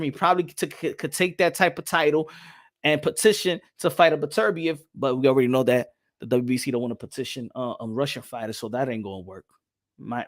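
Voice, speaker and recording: Excitable guy w a high voice ranting about fights, keeps repeating stuff. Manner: animated, repetitive, gets loud and excited. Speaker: boxing show host. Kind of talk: casual boxing commentary.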